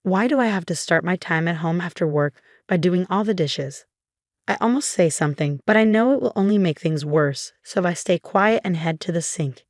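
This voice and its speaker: Low-voiced woman narrating a story. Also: no echo, clean studio sound. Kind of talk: first-person story narration.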